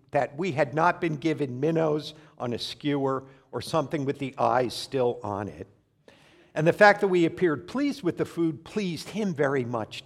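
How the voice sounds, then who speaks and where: A male preacher with a slightly high voice tells a funny story from the pulpit. He speaks in a wry, conversational way, full of playful asides, and his tone stays relaxed and friendly. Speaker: pastor. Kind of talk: sermon with humorous storytelling.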